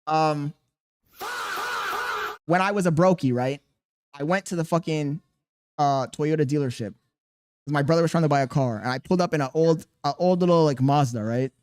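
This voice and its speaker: A young man hosting a podcast, telling a profane story in a casual, animated way. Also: fairly high pitch, normal speed, pauses often, clean tone. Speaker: podcast host.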